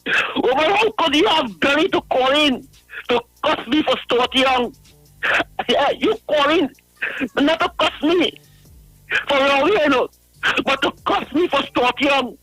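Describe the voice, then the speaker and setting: A man calling in to a radio show, ranting in a high voice, laughing through his words and mocking a critic again and again. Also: measured pace, bright, forceful tone, no room sound, faint music behind, rough recording. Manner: repetitive, mocking, addresses a critic by name. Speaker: radio caller. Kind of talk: ranting call-in. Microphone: phone line.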